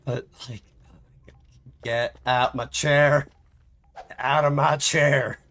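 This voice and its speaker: A man's voice: mid-range voice, fairly even intonation, drawn-out words, fairly bright tone. A man streaming a game live, chatting casually in a rambling, self-mocking way and laughing often.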